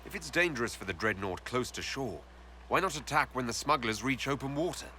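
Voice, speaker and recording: A man's voice: medium pitch, animated, brisk, pushed and bright, a little hiss or hum. An actor playing the player's commanding male hero in a video game, who asks pointed questions in an assertive way.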